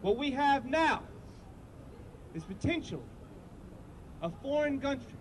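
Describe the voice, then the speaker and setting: A man leading a veterans group, giving an earnest, halting rally speech outdoors and repeating himself. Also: extremely high pitch, big pitch swings. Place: outdoor street protest. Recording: crowd noise outdoors. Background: crowd and street noise.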